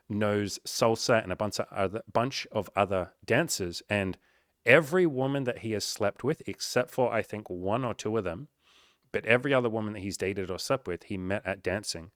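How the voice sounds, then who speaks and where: Frank, low-voiced male dating coach. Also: fairly quick, a bit bright, no room sound, clean studio sound. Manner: frank and upbeat, swears casually. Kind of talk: casual commentary reading a client's update.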